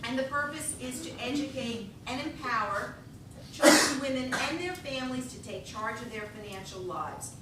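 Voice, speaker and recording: A woman telling a comic story on stage, animated and laughing often as she talks. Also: normal speed. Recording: echoey hall, voice from a distance, rumbling noise.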